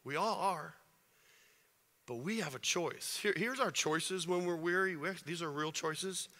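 A man preaching a sermon to his congregation, chatty and full of rhetorical questions, building to forceful passages. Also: a little high, measured pace. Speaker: pastor. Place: church sanctuary. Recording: reverberant hall.

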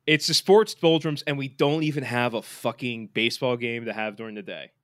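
A man's voice: mid-range voice, fairly quick, dry recording. Rambling male podcast co-host, dry sound. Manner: rambling, many fillers and restarts. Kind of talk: casual sports chat.

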